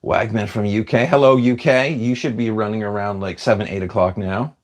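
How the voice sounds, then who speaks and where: A man's voice: lowish voice, steady tone, normal speed. Chatty man hosting a livestream. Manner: chatty, self-deprecating, wanders off mid-sentence. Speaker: livestream host reading viewer comments. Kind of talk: casual livestream chat.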